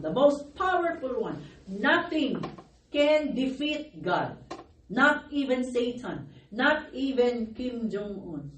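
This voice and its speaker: A middle-aged woman pastor preaching a sermon, her voice worn from crying, calling out for amens and laughing between phrases. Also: fairly high pitch. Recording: echoey room, distant mic, faint noise.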